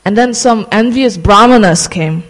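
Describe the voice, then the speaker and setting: Halting devotional storyteller in a reverberant room. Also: medium pitch, fairly bright tone. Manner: halting, many fillers and restarts, slows for emphasis.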